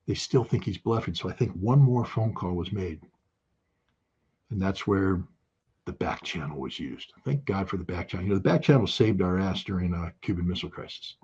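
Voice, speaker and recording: A man giving impassioned spoken commentary, emphatic and forceful, hammering home key phrases by repeating them. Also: sits low, lively intonation, normal speed, breathy edge, dull audio. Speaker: political commentator.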